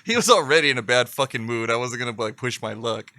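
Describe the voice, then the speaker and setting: A man on a podcast with a bright, forceful voice, rambling through a story full of swearing and laughter. The sound is dry and close, with no room around it. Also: mid-range voice, expressive, fast talker, no room sound. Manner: profane, rambling storyteller who laughs often. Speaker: podcast co-host. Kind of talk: casual chat.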